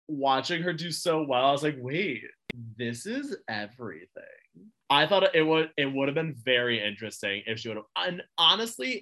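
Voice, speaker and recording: Bright-voiced chatty man co-host. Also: mid-range voice. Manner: chatty, uses lots of "like", enthusiastic. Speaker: podcast co-host. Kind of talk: casual group chat.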